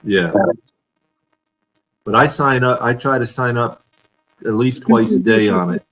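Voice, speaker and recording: Chatting with fans on a live stream via video call, this man tells stories and laughs often as the show's host. His voice is medium in pitch and a bit bright, his delivery a little slow, and the audio quality is poor.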